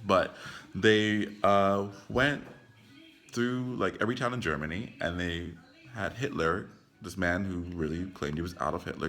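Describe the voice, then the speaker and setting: Unhurried and low-voiced, with a fairly bright tone, a young man from the United States vlogs into his phone about a film. His talk is casual and rambling, full of "like" and free swearing.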